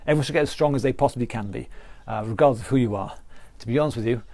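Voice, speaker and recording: An earnest man with a British accent teaching a live online fitness class, circling back to his points again and again. His voice is mellow and low-key, and the sound is dry and close, with little room around it. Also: rapid-fire, vocal fry, no echo. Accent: British English. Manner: earnest, repetitive explaining with restarts. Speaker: fitness instructor.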